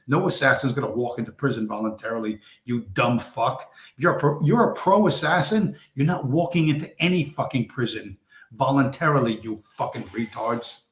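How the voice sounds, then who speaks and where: Man, livestream host, profane and blunt, voice wearing out, mid pitch, roomy echo. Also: normal speed, fairly bright tone. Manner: crude, profane and blunt, talks straight at his viewers. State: losing his voice. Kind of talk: profane late-night stream rant. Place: home room with a squeaky chair.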